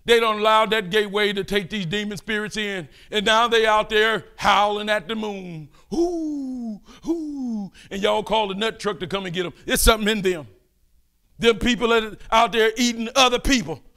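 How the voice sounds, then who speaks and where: An older man preaching a fervent sermon, calling out and pleading with his listeners between quieter asides. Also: high voice, steady tone, fairly quick, clean tone.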